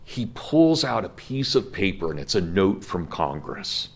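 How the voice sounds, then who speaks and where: A deep-voiced, middle-aged professor lecturing in a classroom. He tells his story earnestly and gets emotional, his voice cracking now and then. The sound is plain and close to the speaker. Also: very animated, unhurried, vocal fry, breathy edge. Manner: earnest storytelling, breaks into laughs when moved. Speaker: college professor.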